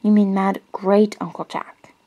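A woman voicing a polite, eager young boy in a soft-spoken storybook reading. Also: medium pitch, little pitch movement, a little slow.

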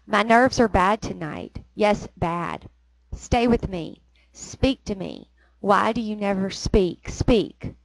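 A woman's voice: medium pitch, vocal fry, dry recording, poor audio. A woman reading the part of an anxious woman who keeps pressing her partner with questions. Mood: pleading. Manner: insistent, rapid questions. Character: anxious, nervy woman pleading for talk.

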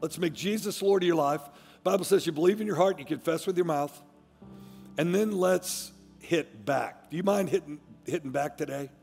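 Gravelly-voiced preacher in a reverberant church. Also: male voice, fairly high pitch, moderate pace. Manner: fiery preaching, swinging from hushed to shouting. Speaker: pastor. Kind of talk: sermon. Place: large church sanctuary. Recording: long church-hall reverb, faint music.

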